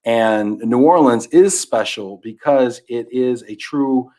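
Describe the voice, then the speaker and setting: Slow and medium in pitch, this podcast guest tells a children's story in an animated, conversational way. Now and then his voice fades down to a mumble.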